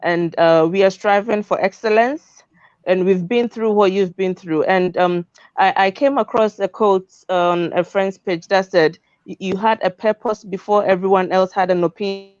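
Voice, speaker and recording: A woman guest speaking slowly in a motivational, lightly giggly way. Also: medium pitch, fairly even intonation, darkish tone, no room sound. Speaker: guest on publishing show. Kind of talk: casual motivational chat. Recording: dry, dull lo-fi audio.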